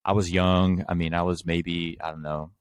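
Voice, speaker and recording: A man's voice: low-pitched, moderate pace, clean tone. Laughing young man telling a story. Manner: laughing storyteller, lively and self-mocking. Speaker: podcast host. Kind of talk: casual podcast chat.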